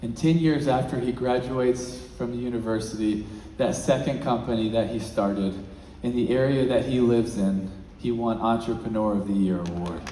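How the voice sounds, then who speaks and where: A man giving a motivational talk as a featured speaker, telling a story and swinging between hushed and loud, excited passages. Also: mid-range voice, normal speed, few pauses, a little hiss or hum. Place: large event hall. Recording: echoey hall.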